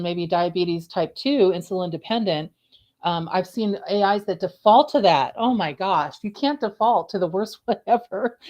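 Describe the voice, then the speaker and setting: A middle-aged woman on a coding and compliance panel, telling stories in an animated way and laughing often. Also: medium pitch. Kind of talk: casual panel discussion.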